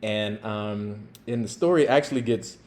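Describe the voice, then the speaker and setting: A man in his fifties, a podcast host and former police officer, telling a personal story in a casual, animated way. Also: fairly low pitch, unhurried.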